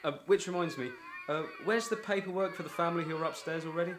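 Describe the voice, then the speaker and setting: A man's voice: fairly high pitch, quick pace, background noise, natural voice. An actor playing an upbeat, slightly hesitant man who co-owns a hotel. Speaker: hotel co-owner.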